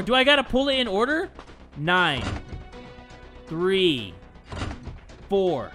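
A man giving excitable, jokey let's play commentary, with sudden yelps and casual swearing. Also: sits high, slow. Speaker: gaming YouTuber. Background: game music.

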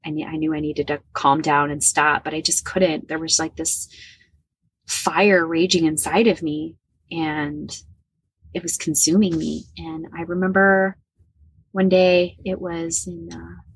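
A woman's voice: low-pitched, flat delivery, measured pace, slightly rough, no room sound. A woman in her forties from the American Midwest, a podcast guest candidly telling her personal story and repeating herself when emotional. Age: 40s.

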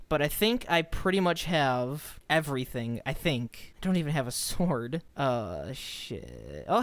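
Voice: medium pitch, clear, resonant tone, no room sound. A young adult gaming host giving loose, profane running commentary while playing, talking back at the characters on screen. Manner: frustrated, swears freely, talks to game characters. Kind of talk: live gameplay commentary.

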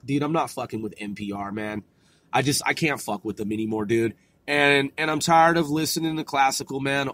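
A man's voice: a little high, a bit bright, dry recording. A man ranting in a heated, rambling and profane monologue, repeating himself as he goes. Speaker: monologue ranter. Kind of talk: profane political rant.

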